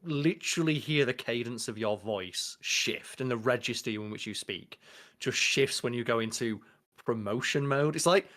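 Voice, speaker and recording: A man's voice: medium pitch, moderate pace. A young man co-hosting a casual podcast, joking and telling stories. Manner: joking, animated storyteller. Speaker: podcast co-host.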